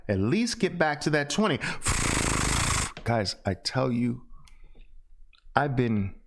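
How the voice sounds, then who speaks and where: A middle-aged man teaching a trading lesson over a screen share, animated and repetitive, with loud "boom" exclamations. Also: slow pace, gravelly, heavy background noise. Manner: animated, punctuates with loud "boom" and repeats phrases. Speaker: trading instructor.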